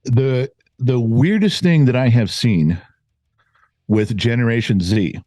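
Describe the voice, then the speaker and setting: A man's voice: mid-range voice, slow pace, mellow, dry recording. A middle-aged man giving his opinions as a guest in casual chat, emphatic and prone to repeating words for stress. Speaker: guest commentator.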